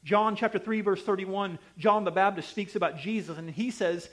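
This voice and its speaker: A man preaching a sermon, emphatic and repetitive, with sharp swings between loud and soft delivery. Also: sits high, moderate pace, hardly any pauses. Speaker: pastor.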